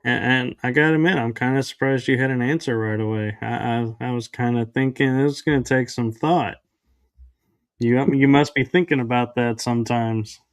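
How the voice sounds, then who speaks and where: A man's voice: mid-range voice, moderate pace, smooth. A man hosting a podcast interview, chatting casually and a little hesitantly. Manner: relaxed, slightly hesitant with restarts. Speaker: podcast host.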